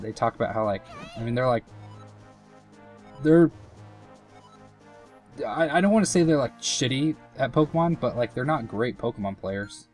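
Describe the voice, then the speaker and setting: A young man giving casual, rambling commentary over a game, full of fillers and self-mocking asides. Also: medium pitch. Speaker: let's play commentator.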